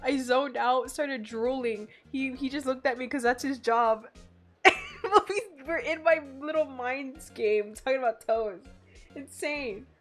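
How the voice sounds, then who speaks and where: A giggly, chatty streamer with a high, feminine voice who keeps greeting viewers by name. The voice sits high, and soft music plays underneath. The talk stays casual, loose and bubbly. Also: female voice, measured pace. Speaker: game streamer. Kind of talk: casual live-stream chat and game reading.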